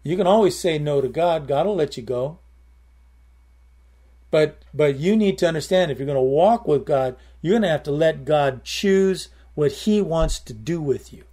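A man's voice: a little high, animated, normal speed, dark tone. A man preaching a sermon in a conversational way, repeating key phrases and breaking into short prayers. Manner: conversational, with prayers and emphatic repetition.

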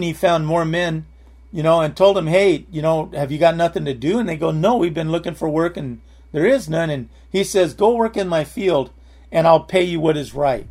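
A man's voice: on the high side, darkish tone. A man preaching a sermon in a conversational way, often saying "you know" and repeating words as he goes.

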